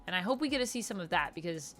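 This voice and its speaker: A woman's voice: fairly low pitch, expressive, racing, a bit bright, soft background music. A woman talking casually and enthusiastically in a book review vlog, full of fillers as she shares her thoughts. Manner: chatty and enthusiastic, lots of "like" fillers.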